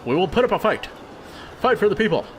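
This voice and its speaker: A man's voice: high voice, sing-song, fast talker, slight background noise, voice pushed up. A man voicing a weary male banjo player with a put-on Southern accent, grumbling in a drawl. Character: weary male banjo player, drifter, bitter about the company town.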